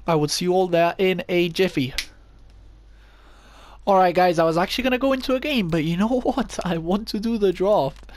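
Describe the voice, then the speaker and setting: A man's voice: sits high, moderate pace, a little hiss or hum. A young man giving casual gameplay commentary, thinking aloud and poking fun at himself. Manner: chatty, thinks aloud, self-mocking. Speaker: gaming YouTuber.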